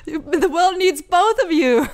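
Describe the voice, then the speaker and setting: A woman's voice: extremely high pitch, expressive, takes it slowly. A woman guesting on a podcast, answering with dry, teasing comebacks in casual chat.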